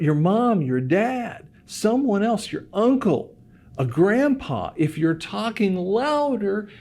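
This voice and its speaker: Chatty man in his fifties, slightly high voice. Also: darkish tone. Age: 50s. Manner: chatty storyteller, repeats words as he restarts; acts out quoted voices in his stories. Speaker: hearing care doctor. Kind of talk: casual talk to camera.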